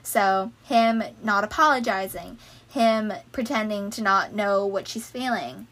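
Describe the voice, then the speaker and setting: A young woman talking through song lyrics in a casual, chatty way, reeling off lists and breaking into excited asides. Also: medium pitch, measured pace. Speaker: fan video creator. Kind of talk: casual lyric analysis talk.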